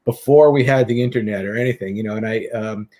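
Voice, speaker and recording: A middle-aged man, a guest author and hypnotist, telling his story in a lively, animated way in a casual interview. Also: on the low side, quick pace. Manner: lively, animated storyteller who acts out quotes.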